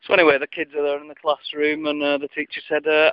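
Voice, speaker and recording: A man's voice: fairly high pitch, completely flat delivery, fast, smooth, dry recording. A man telling a solo ramble of corny jokes, chatty and mocking himself, on a dull lo-fi recording. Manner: self-mocking, chatty, groans at own puns. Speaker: joke teller.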